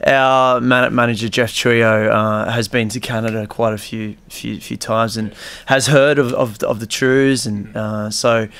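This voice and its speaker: An Australian man in a rock band answers an interviewer's question. He hesitates and trips over words. He keeps going, unhurried. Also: medium pitch, flat delivery, a bit bright, clean tone. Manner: hesitant, stumbling. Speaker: band member.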